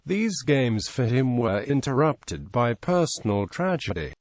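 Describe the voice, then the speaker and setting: An Australian man at a podium delivers a prepared ceremony speech in a measured, formal manner. His voice sits at an ordinary middle pitch and is picked up close and dry, with no trace of the stadium around him. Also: darkish tone, dry recording. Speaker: organizing committee president. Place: large outdoor stadium.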